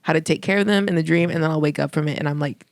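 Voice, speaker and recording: A woman's voice: deep voice, very fast, no room sound, studio quality. A young woman co-hosting a podcast in casual chat, musing and laughing often. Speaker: podcast co-host.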